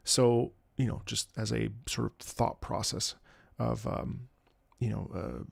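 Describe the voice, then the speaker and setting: A man's voice: mid-range voice, fairly even intonation, slow pace, gravelly, slightly rough, no room sound. A man live-streaming his reactions to game music, reflective and rambling, his voice tired from travel. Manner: rambling, reflective, many restarts. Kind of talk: casual live-stream commentary.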